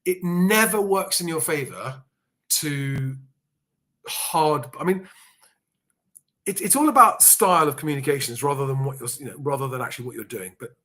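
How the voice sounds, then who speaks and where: A man's voice: on the high side, lively intonation, normal speed, pushed and bright. A man hosting a podcast, giving frank, matter-of-fact advice in casual chat and swearing now and then. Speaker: podcast host, property expert.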